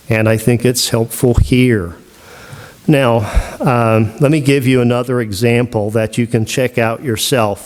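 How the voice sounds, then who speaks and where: A man giving a seminary lecture on the Bible, animated and full of rhetorical questions. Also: mid-range voice. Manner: animated, asks rhetorical questions, acts out quoted voices.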